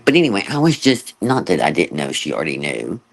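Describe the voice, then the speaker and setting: A man's voice: low-pitched, huge pitch swings, quick pace, vocal fry. A man hosting a late-night livestream, chatty and laughing often as he mimics others. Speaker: livestream host. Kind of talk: casual chat.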